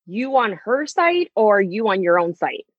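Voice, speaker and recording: A woman's voice: mid-range voice, very animated, measured pace, slightly rough, no echo, dull audio. A young woman co-hosting a podcast, breaking in with teasing jokes. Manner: teasing, joking interjections. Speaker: podcast co-host. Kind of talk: casual chat.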